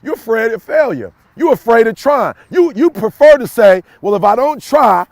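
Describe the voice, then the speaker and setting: A middle-aged man delivering a motivational talk with a preacher's swing. His voice sits very high and carries a gravelly rasp. He hammers lines with shouts, then sinks to a murmur, recorded close and dry. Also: dry recording. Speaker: motivational speaker. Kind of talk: motivational speech to camera.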